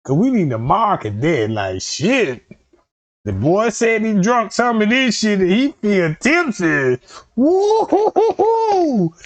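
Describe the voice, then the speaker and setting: Slow, profane man ranting. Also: high-pitched, very animated. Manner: profane, rambling, swings into quoted voices. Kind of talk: casual comedic rant.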